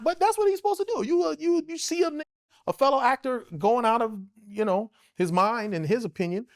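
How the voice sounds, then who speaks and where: A man's voice: extremely high pitch, fast talker. A man in his forties telling a rowdy, profane story as an interview guest, acting out what other people said. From United States. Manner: animated, profane, acts out other people's lines. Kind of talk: casual storytelling.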